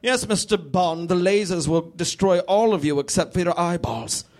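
A man voicing a sinister pale older British man in a stand-up bit, slow and theatrical, recorded live with a crowd behind. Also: high voice, lively intonation, pitched above the performer's own voice. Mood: menacing. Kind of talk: stand-up comedy impression. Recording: live club with crowd and noise.

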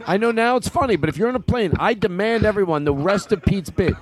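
A man hosting a podcast in an animated, laughing, comedic chat. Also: sits high, fast talker, a little hiss or hum.

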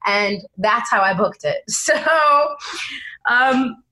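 Young woman, actress guest; casual, animated anecdotes. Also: a little high, drawn-out words, low-quality recording. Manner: animated storyteller, acts out quoted voices. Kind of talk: casual interview chat.

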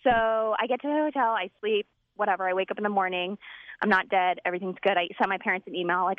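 A woman telling a comedic personal story, animated and acting out voices as she goes. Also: medium pitch, fast, no echo. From United States. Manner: animated, acts out voices in quotes. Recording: dull, lo-fi dry recording.

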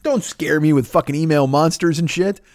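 A man's voice: a little high, normal speed, no room sound, clean studio sound. Profane rambling male podcast host. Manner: rambling, swearing, breaks into impressions and scat singing. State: sniffly with a cold. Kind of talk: profane solo comedy rant.

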